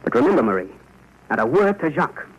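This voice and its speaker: A man's voice: medium pitch, sing-song, quick pace, slight background noise, close to an everyday voice. A man playing an anguished father in a 1940s radio drama, talking in an earnest, strained and pleading way. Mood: urgent planning. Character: anguished middle-aged father under occupation. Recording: muffled old radio broadcast.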